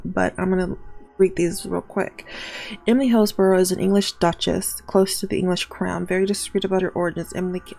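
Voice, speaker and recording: A woman with a gravelly, creaky edge to her voice hosts a let's play, reading the game's text aloud and stopping to add exasperated asides of her own. Her pitch sits in the middle range for a woman. Faint game music plays behind her. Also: darkish tone. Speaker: gaming channel host.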